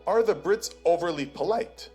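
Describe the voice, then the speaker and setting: A man's voice: sits high, moderate pace, a little mellow, faint music behind. A man giving scripted documentary-style narration with a wry, teasing delivery.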